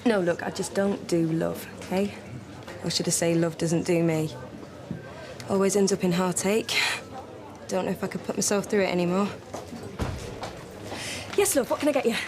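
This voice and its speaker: An actress playing a wry, guarded young barmaid with a dry, sardonic manner. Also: female voice, lowish voice, normal speed, long pauses, a crowd in the background, close to an everyday voice.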